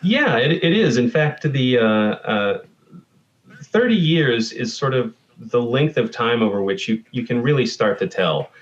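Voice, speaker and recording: A man's voice: medium pitch, expressive, measured pace, muffled recording. A man answering interview questions about the climate, thoughtful and hesitant with many fillers. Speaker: climate scientist guest. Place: Texas.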